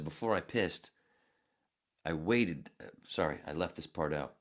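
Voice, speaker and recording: A man's voice: sits low, lively intonation, normal speed, gravelly. An older man hosting a podcast, telling a meandering story full of swearing and often losing his place. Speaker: podcast host. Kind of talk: rambling storytelling monologue.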